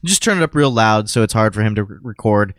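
A man's voice: on the low side, quick pace, no echo, studio quality. A man co-hosting a casual political chat podcast, telling a story animatedly and acting out the quotes. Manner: animated retelling with acted quotes.

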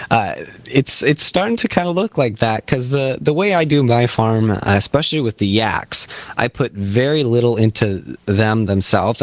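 A man's voice: fairly low pitch, no echo. A man co-hosting a podcast, talking casually about his farm with frequent fillers and restarts. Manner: hesitant, many fillers and restarts. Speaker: podcast co-host, farmer. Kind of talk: casual chat.

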